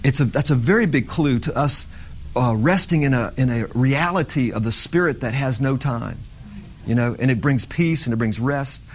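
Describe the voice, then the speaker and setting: A man's voice: mid-range voice, normal speed, slight background noise. A middle-aged man preaching an informal sermon in a conversational way that builds to fervent emphasis.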